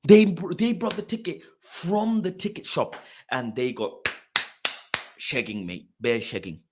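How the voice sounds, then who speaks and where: A young man, a host telling a story in casual, slang-heavy talk that swings between loud exasperation and low grumbling. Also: a little slow, background noise.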